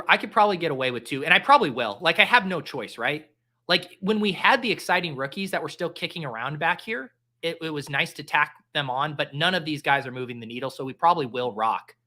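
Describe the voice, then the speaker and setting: A man hosting a casual fantasy football draft stream, rambling through picks and viewer votes. His voice is bright and forward, and his jokes are self-deprecating. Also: a little high.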